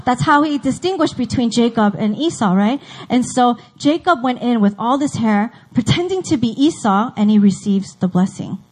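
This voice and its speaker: A woman's voice: on the high side, expressive, normal speed, few pauses, a little mellow, poor audio. Chatty woman retelling a Bible story. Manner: chatty, acts out characters' lines. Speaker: Bible teacher. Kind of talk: casual Bible story lesson.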